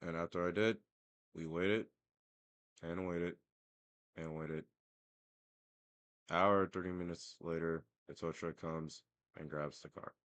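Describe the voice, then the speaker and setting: A man's voice: sits low, no echo. A young man telling a story as a casual, profane, self-mocking rant. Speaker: vlogger.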